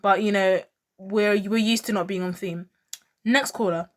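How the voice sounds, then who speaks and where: A woman's voice: medium pitch, fairly even intonation, normal speed. A woman talking casually to camera as a pop culture vlogger, chatty and opinionated, full of fillers and gushing exclamations. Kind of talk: casual fashion commentary.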